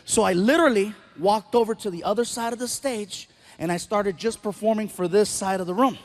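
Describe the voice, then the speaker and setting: A stand-up comedian with a very high voice tells his story with animated, self-deprecating energy. Quick asides break up the telling, and a faint ambience sits behind him. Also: slight background noise.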